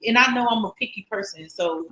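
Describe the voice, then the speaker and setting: A woman co-hosting a podcast round table in casual chat, animated and quick to laugh. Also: on the high side, slight background noise, poor audio. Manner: animated, laughs often, talks in long runs. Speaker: podcast co-host.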